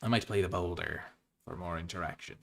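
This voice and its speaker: A man's voice: sits low, fairly quick, creaky. A man giving casual commentary as he drafts cards, thinking aloud and weighing his choices. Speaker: card game streamer.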